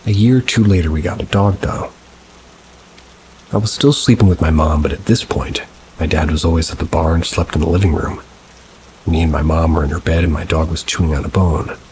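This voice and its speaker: A man reading true paranormal stories aloud in a measured, somber storytelling manner with dry asides. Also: sits low, slight background noise, poor audio. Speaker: story narrator. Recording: steady rain sounds behind the voice. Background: rain ambience.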